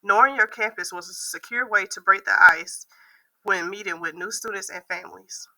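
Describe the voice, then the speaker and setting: A woman who works as a university admissions processor, giving a prepared class video reflection with a hoarse voice. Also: fairly low pitch, sharp tone, low-quality recording. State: hoarse from losing her voice.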